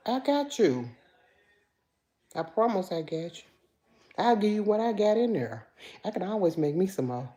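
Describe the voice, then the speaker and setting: Low-voiced Memphis woman in her fifties. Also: dark tone. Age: 50s. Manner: chatty, addresses viewers as y'all. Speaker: livestream host. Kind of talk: casual chat reading viewer comments.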